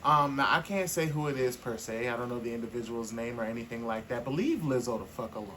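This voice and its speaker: A man co-hosting a podcast in casual, candid chat, animated and quick to laugh. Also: mid-range voice, slight background noise, poor audio. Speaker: podcast co-host.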